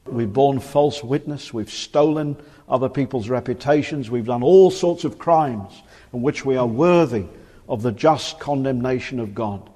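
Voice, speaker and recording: Speaking at a medium pitch and an unhurried pace, a man in his forties gives an impassioned sermon that alternates between forceful declarations and hushed, solemn warnings. The recording carries the reverb of a church hall.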